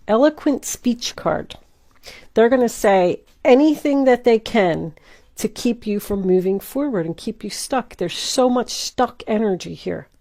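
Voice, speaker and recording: A woman reads tarot cards aloud, speaking straight to her viewer in an emphatic, repetitive way. Her voice is mellow and warm rather than bright, at a middle pitch. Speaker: tarot reader. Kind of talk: casual tarot reading to camera.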